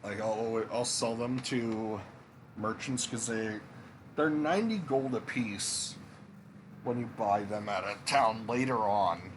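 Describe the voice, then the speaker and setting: A man's voice: on the low side, measured pace, background noise. A young man giving casual, rambling commentary while playing a video game. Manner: rambling, self-deprecating. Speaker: let's play host.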